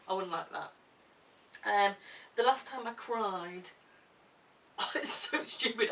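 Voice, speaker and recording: A woman's voice: medium pitch, fairly bright tone. A young woman chatting casually to camera as a vlogger, giggly and full of ums. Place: room at home. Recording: distant camera mic with hiss.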